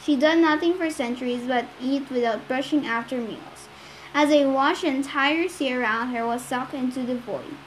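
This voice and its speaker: A woman reads a novel aloud in a high voice, now and then tripping over a word and starting again. A faint hiss sits behind her. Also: normal speed, rough recording. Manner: occasional stumbles and restarts. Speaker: reader.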